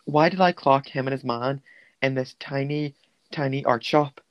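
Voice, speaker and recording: A young man co-hosting a podcast, chatting casually as a camp, animated storyteller with slangy quips. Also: medium pitch, normal speed, no echo, muffled recording. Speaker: podcast co-host. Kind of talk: casual chat.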